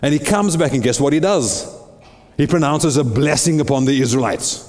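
A man's voice: fairly high pitch, normal speed, a little mellow. A man preaching a sermon, retelling a Bible story dramatically with lots of rhetorical questions. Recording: long reverb in a big hall.

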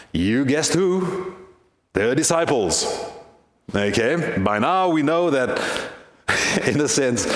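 Earnest male pastor preaching, echoey. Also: medium pitch. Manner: earnest, rhetorical questions. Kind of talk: sermon. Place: church.

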